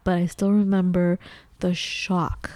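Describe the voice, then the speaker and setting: Low, mellow-voiced woman chatting. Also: unhurried, dry recording. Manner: animated, acts out her own confused reactions in a high voice. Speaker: podcast co-host. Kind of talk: casual chat.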